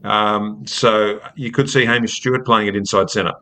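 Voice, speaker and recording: A man from Australia with an Australian accent, a rugby writer talking in a measured, hesitant way as a podcast guest. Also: on the low side, fairly even intonation, bright, forceful tone. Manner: measured, hesitant, many fillers. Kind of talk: casual podcast chat.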